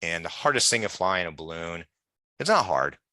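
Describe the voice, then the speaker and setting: A man's voice: low voice, big pitch swings, moderate pace, bright, forceful tone, no room sound. A man guest in an interview, telling long casual stories and acting out the people he quotes. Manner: chatty, digressive, acts out quoted voices. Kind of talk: animated storytelling in conversation.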